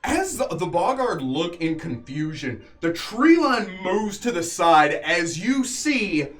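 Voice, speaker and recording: A man serving as game master, narrating a tabletop battle vividly and unhurriedly, pausing on fillers as he goes. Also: high-pitched, sing-song, fairly bright tone.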